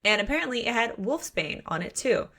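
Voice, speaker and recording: A woman co-hosting a podcast, recapping a novel in casual chat, animated, laughing often and acting out the characters' lines. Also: fairly high pitch, fairly quick, a little hiss or hum. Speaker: podcast co-host. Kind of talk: casual book discussion.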